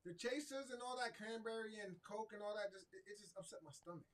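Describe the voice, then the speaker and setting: A man's voice: high-pitched, fast, fairly bright tone. A middle-aged man co-hosting a casual chat show, laid-back and joking. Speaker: co-host.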